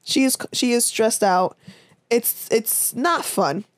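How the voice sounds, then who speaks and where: A woman's voice: on the high side, takes it slowly. A young woman co-hosting a podcast, casually recapping a TV episode with lots of fillers and swearing. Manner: animated, swearing, fillers and 'this, that, and the fourth'. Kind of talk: casual chat, recap storytelling.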